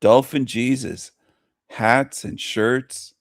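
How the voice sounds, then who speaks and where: Male streamer, low and gravelly, unhurried delivery, repetitive and mocking, dry close recording. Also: fairly even intonation, no echo. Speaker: livestream host. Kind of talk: casual livestream chat.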